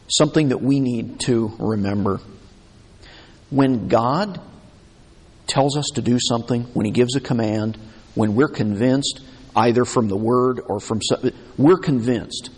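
A male pastor delivers a sermon at an unhurried pace, his voice slightly husky. He talks in a conversational way and voices the complaints of the people he describes. A long reverb trails behind him from the church hall. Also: medium pitch, darkish tone. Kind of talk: expository sermon.

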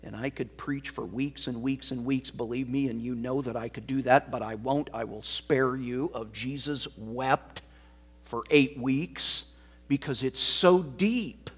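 A pastor preaching a sermon, swinging from loud emphasis to hushed, almost whispered words. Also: male voice, medium pitch, a little slow, slightly rough.

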